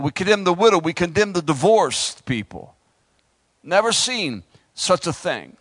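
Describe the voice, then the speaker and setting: Fervent high-voiced preacher. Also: male voice, a bit bright, dry recording. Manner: fervent call-and-response preaching, rising and falling. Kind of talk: sermon.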